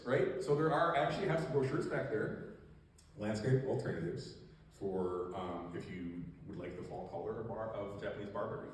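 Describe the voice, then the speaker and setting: A man with a somewhat low voice giving a loose, rambling educational talk, peppered with "um" and "like". He is miked from afar in a big hall, with a long echo and faint room noise behind him. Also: darkish tone, recorded from a distance. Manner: casual, rambling, joking, many fillers. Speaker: invasive species educator.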